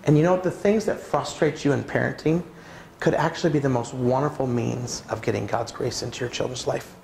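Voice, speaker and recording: A man's voice: medium pitch, fairly quick, vocal fry, a little mellow, a little hiss or hum. A man in his thirties speaking as a pastor at a parenting conference, talking casually and often asking the audience questions. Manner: conversational, asks the audience questions. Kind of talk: conference talk. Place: church hall. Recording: echoey church hall.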